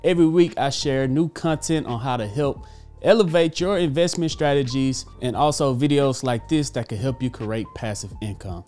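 A man hosting a casual finance video, upbeat and energetic with offhand asides. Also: medium pitch. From Texas. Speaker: host. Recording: faint background music.

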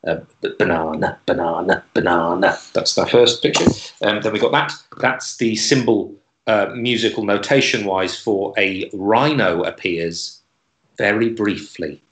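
A man hosting an online comedy club, delivering deadpan stand-up in a hesitant way with lots of filler words. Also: lowish voice, measured pace, roomy sound, low-quality recording. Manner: hesitant, many fillers and restarts, dry delivery.

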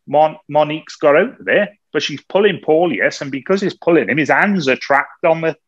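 A man co-hosting a podcast, telling a story in a lively way, often laughing and acting out what people said. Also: a little high, normal speed, husky, no echo. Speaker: podcast co-host. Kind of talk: anecdotal storytelling. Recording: slightly dull, dry recording.

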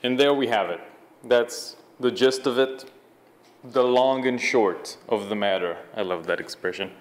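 A man's voice: medium pitch, unhurried. A man doing sardonic commentary over a video clip, loose and chuckling.

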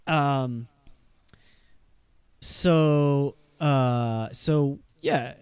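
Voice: mid-range voice, extremely slow, a little mellow, clean tone, dry recording. A game master running a tabletop game, narrating with many hesitations and fillers.

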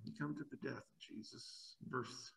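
A man's voice: mid-range voice, steady tone, a little slow, gravelly, fairly bright tone, low-quality recording. A man preaching an expository sermon, emphatic, asking rhetorical questions and often repeating words as he builds a point.

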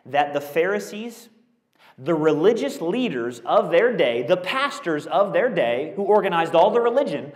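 A male pastor preaching a conversational, animated sermon with rhetorical questions. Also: a little high. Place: school auditorium used as a church. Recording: echoey auditorium.

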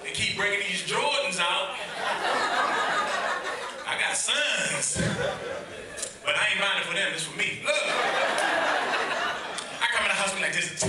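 A man's voice: high-pitched, moderate pace, pauses often. A man in his forties from Washington, D.C., performing a stand-up comedy set at a gala and acting out characters in exaggerated voices. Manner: animated, acts out characters in exaggerated voices, talks to the crowd. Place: large event hall with a live audience. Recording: echoey hall, distant mic, loud crowd laughter and noise. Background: audience laughter.

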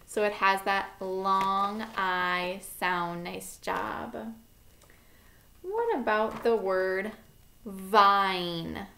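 Female kindergarten teacher, very slow careful delivery, spells sounds out letter by letter, encouraging. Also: medium pitch, gravelly, sharp tone, a little hiss or hum. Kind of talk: phonics lesson for young children.

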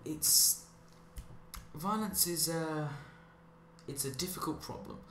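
Slow and somewhat bright, a man's higher-than-average voice carries a sarcastic, rambling monologue over gameplay that keeps drifting off course. He hosts a commentary channel. There's slight background noise, a roomy echo, and faint ambience.

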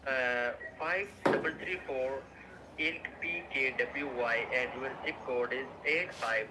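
A man making a phone sales call, persistent and halting with many fillers. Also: medium pitch, background noise. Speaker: telemarketer.

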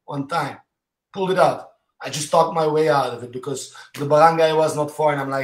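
A somewhat high-voiced man, apparently a martial arts teacher, shares his experiences as a guest in casual interview storytelling. He talks a little fast, in choppy, fragmented bursts full of "you know," and his animated anecdotes ring out in a noticeably echoey room.

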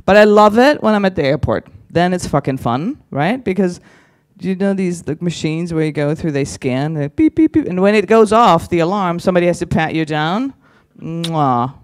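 A man's voice: sits high, lively intonation, normal speed, few pauses, smooth, no echo, studio quality. A man doing stand-up on a conference stage, teasing the audience with crude, chatty crowd work. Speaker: stand-up comedian.

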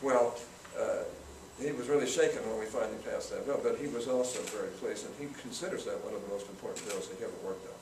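A man's voice: fairly low pitch, quick pace, gravelly, few pauses, darkish tone. Older man, folksy storyteller, speaking from far off in an echoing room. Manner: folksy anecdotal, acts out quotes. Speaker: guest speaker, senator. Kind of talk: storytelling talk to students. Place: campus event room. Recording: roomy, from far off, noisy.

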